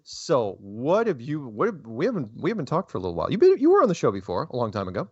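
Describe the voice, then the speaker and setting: Rambling, animated host. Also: male voice, medium pitch, fast talker, slightly rough, no echo, highs cut off. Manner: rambling, animated, laughs often. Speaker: show host. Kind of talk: casual interview chat.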